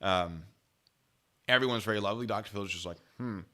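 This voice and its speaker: A man's voice: lowish voice, brisk, pushed and bright. Rambling, laughing man telling a story. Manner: rambling, laughs often, frequent restarts. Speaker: YouTube channel host. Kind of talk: casual storytelling to a live chat.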